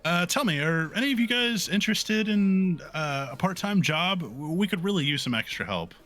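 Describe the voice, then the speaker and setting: Chatty female gnome librarian, high squeaky voice, rambling with fillers, lively lilt, as a male game master puts her on. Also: moderate pace, faint music behind. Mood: helpful.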